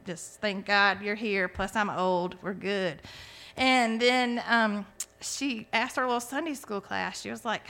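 A woman's voice: on the high side, fairly even intonation, moderate pace, fairly bright tone. A woman in her forties giving a heartfelt personal faith testimony, telling her story earnestly with frequent restarts. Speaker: testimony speaker.

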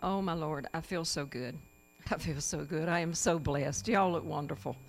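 Low-voiced woman giving spirited church testimony. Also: moderate pace, gravelly, soft background music. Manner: exclamatory, praising, folksy. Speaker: gospel singer addressing a church congregation.

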